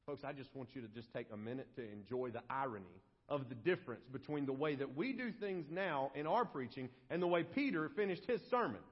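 Male pastor, sermon, impassioned, hushed to loud, dull lo-fi recording. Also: medium pitch, animated, brisk. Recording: long hall reverb, dull lo-fi sound.

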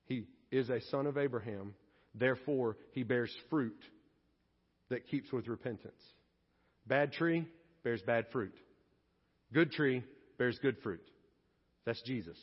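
A male pastor preaching an animated sermon, moving between quiet and loud passages. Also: medium pitch, slow, pauses often, husky. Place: church sanctuary. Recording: dull lo-fi audio in a reverberant hall.

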